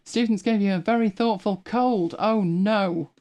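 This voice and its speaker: A British woman hosts a live show in a relaxed, conversational way. She drifts into long personal stories, correcting herself often along the way. Her pitch sits in an ordinary middle range for a woman. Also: measured pace, dull audio. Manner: chatty, rambling storyteller with frequent self-corrections. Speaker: host. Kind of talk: casual live-show chat.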